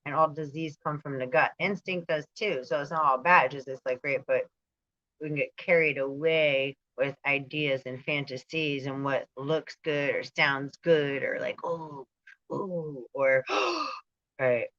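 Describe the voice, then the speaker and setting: A spiritual channel host reads aloud and comments casually, stumbling over hard words, laughing, and wandering into asides. Her voice is extremely low and a bit bright, with fairly even intonation at a moderate pace, on dull audio.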